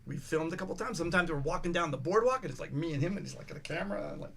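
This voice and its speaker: A man's voice: a little high, fast talker, few pauses, a bit bright, a little hiss or hum. An older man, a podcast guest, telling rambling stories in casual chat, restarting sentences, swearing and acting out the voices of the people he quotes.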